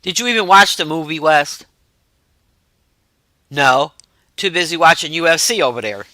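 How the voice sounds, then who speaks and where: A woman's voice: deep voice, animated, moderate pace, sharp tone, no room sound. A woman hosting a livestream, chatting loosely and reacting to messages from her chat. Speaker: livestream host.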